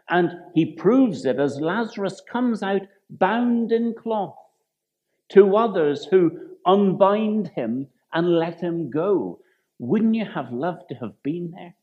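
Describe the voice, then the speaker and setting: Slow reflective preacher, lively ups and downs, dull lo-fi recording. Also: mid-range voice. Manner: reflective, stumbles and corrects itself, asks rhetorical questions. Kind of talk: sermon.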